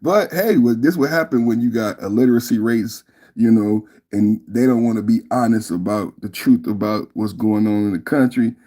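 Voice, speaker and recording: A man hosting a live reaction stream, rambling loudly and repeating phrases between bursts of laughter. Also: on the low side, normal speed. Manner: loud, laughing, rambling and repetitive. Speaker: podcast host.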